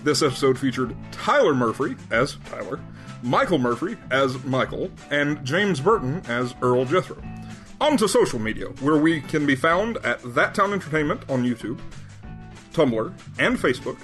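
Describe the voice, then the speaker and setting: A man's voice: fairly high pitch, very animated, moderate pace, a bit bright, faint music behind. Theatrical man reading credits. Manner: theatrical, over-articulated. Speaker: podcast host. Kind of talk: mock-formal credits reading.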